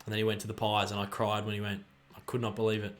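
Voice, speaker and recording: An excitable man with an Australian accent hosts a livestream, chatting casually while he cheers and groans at the players in a football match. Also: on the low side, very fast. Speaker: livestream host. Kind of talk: live watch-along commentary and chat reading.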